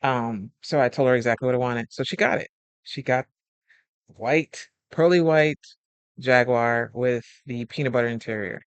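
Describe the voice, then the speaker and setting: A man's voice: mid-range voice, moderate pace, clear, resonant tone, no room sound, lo-fi sound. A man who is a life coach talking casually about friendship, telling stories and acting out the voices of friends, laughing often. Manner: animated storyteller acting out quoted friends. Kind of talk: casual advice monologue.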